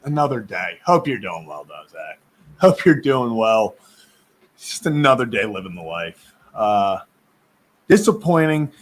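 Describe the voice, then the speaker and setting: A man's voice: lowish voice, big pitch swings, unhurried, pauses often. A man hosting a casual live sports stream, chatty and rambling, laughing often, who says his voice is going.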